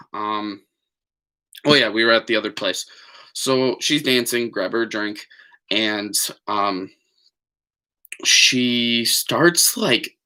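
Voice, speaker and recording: A man's voice: mid-range voice, sharp tone. A man telling a story on a live stream in a chatty, digressive way, with lots of fillers and apologies. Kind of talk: rambling casual storytelling.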